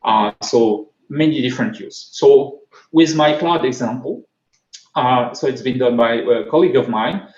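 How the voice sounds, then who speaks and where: French-accented man, halting tech talk. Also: mid-range voice, a little mellow. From France. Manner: halting, frequent repeats and fillers. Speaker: conference speaker. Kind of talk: technical conference talk. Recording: roomy, slightly dull recording.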